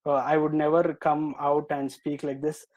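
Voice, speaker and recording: A nervous young man answering a panel's questions, hesitating with many filler pauses. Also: a little high, little pitch movement, darkish tone, low-quality recording. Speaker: student presenter.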